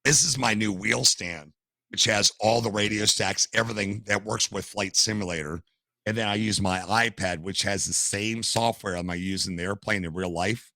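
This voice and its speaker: Older male guest, low gravelly voice with a bright edge, animated storyteller. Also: normal speed, no echo. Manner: animated storyteller, acts out quotes. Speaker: podcast guest, gamer and streamer. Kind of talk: casual storytelling interview.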